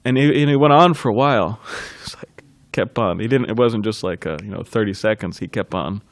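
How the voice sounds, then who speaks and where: A man giving a devotional class, recounting a memory with frequent chuckles and halting restarts. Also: fairly low pitch, dry recording. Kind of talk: reminiscing in a scripture class.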